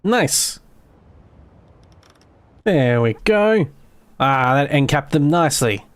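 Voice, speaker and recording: This game streamer from Australia has a mild accent and a fairly high voice with lively intonation, talking slowly in a dry, echo-free recording. Building in-game as he streams, he rambles, laughs readily and lets sentences trail off.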